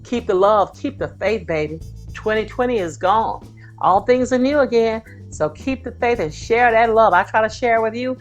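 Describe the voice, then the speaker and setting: A woman's voice: fairly high pitch, normal speed, muffled recording, faint music behind. A woman hosting her own cooking video from her home kitchen, talking to viewers with folksy, exclaiming enthusiasm. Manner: warm folksy enthusiasm, exclaiming over the food. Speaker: cooking channel host. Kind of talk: casual cooking video chat.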